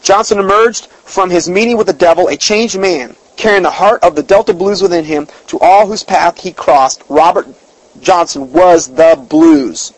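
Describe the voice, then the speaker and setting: A man's voice: high voice, moderate pace, no echo, poor audio. A man preaching a sermon in a chatty storytelling way, emphatic, his voice jumping up when he is stirred. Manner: conversational asides, fillers and restarts.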